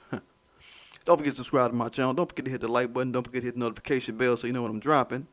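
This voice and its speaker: A man's voice: mid-range voice, steady tone, fast. A man hosting his own commentary channel, ranting in a heated, mocking, profane way and repeating points for emphasis.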